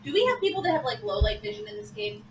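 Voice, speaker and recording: A woman's voice: mid-range voice, big pitch swings, rapid-fire, slight background noise. A woman playing in a tabletop game, chatty and enthusiastic, asking lots of questions. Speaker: player. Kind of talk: casual tabletop game chat. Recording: echoey room, mic at a distance.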